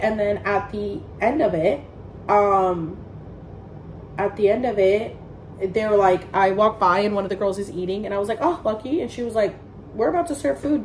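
A woman's voice: medium pitch, darkish tone, a little hiss or hum. A young woman telling a story to her own camera indoors near a window, chatty and profane, full of "like" and playful voiced quotes. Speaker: vlogger.

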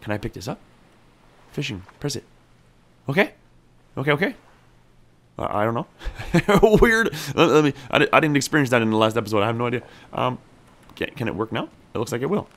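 Chatty man with a lively, bouncing pitch. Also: brisk, pauses often. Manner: chatty, talks to his character, cheers on in-game action. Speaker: gameplay streamer. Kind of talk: casual let's-play commentary.

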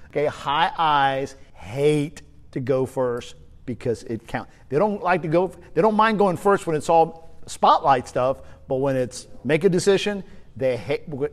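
A man with a somewhat high voice teaches a leadership lesson. He talks with energy and stresses his points, often saying them twice. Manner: energetic, emphatic, uses repetition. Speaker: leadership trainer.

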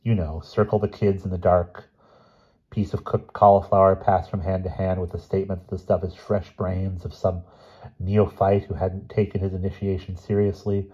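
Low husky man reading a story. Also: little pitch movement, moderate pace, dark tone, highs cut off. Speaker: audiobook reader. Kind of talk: reading a short story aloud.

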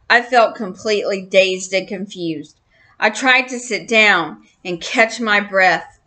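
Slow, bright-voiced woman storyteller. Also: mid-range voice. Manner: slow, expressive. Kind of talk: reading a children's book aloud.

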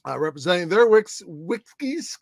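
A man with a high voice ribs his guest in loose, joking podcast banter. His talk is playful and mock-insulting. The sound is dry and close, with little room. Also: sing-song, normal speed, vocal fry, dry recording. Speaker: co-host.

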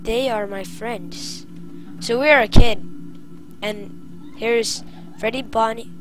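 A woman's voice: a little high, steady tone, slow pace, soft background music, low-quality recording. A woman commenting as she plays a horror game, easily startled and crying out at jump scares. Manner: jumpy, cries out at jump scares. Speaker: game player. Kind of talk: let's play commentary.

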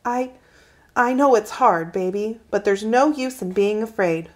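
A woman voicing a gentle, loving mother who speaks softly and soothingly. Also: mid-range voice, a little slow, close to an everyday voice. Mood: tender. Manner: soft, soothing, comforting.

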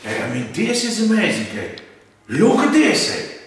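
A man with a Slovenian accent hosting an RC hobby channel, talking in a casual, excitable way and often repeating words. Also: sits high, moderate pace, recorded from a distance. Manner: excitable, animated, repeats words, non-native phrasing. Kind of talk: casual unboxing chat. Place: indoor workshop. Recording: echoey room, off-mic, faint noise.

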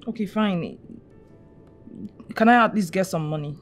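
A woman's voice: lowish voice, a little slow, soft background music, close to an everyday voice. An actress playing a young girlfriend who whines and demands attention and money. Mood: demanding. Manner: whiny, demanding.

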